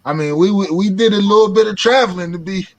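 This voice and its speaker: A man's voice: high-pitched, fast. A middle-aged man from Pittsburgh, a former student, telling stories in casual chat and laughing often. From Pittsburgh, USA.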